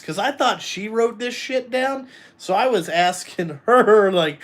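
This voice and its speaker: A man's voice: high voice, expressive, normal speed. Blunt, profane man ranting casually. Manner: blunt, profane, rambling, addresses viewers directly. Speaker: trucking company owner and vlogger. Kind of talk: casual live chat.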